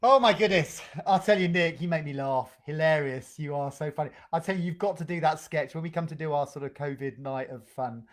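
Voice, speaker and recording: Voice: mid-range voice, a little fast, hardly any pauses. A drama group leader hosting an online session, full of upbeat praise and loose, improvised links. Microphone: video call.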